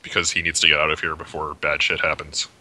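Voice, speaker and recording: A man at a tabletop game talks bluntly and swears casually. His voice is very low yet sharp and forceful. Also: monotone, fast talker, rough recording. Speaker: player.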